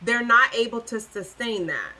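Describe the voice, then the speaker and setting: Bright, emphatic woman tarot reader. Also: fairly high pitch, big pitch swings, normal speed, low-quality recording. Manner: emphatic, preachy, repeats phrases for effect; sassy, incredulous outbursts. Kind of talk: tarot reading to the viewer.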